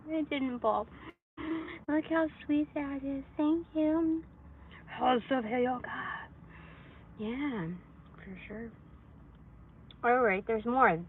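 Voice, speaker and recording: A chatty woman with a fairly high voice gives a casual tarot reading on a phone livestream, wandering between thoughts with plenty of fillers. The audio is dull and lo-fi, with faint noise underneath. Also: very slow, long pauses. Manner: chatty, rambling, filler-heavy, laughs often. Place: hot room indoors.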